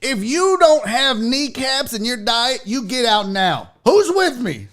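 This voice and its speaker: A man doing an impression of a fired-up, profane football coach, shouting tough boasts. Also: extremely high pitch, sing-song, a little slow, exaggerated voice. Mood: defiant.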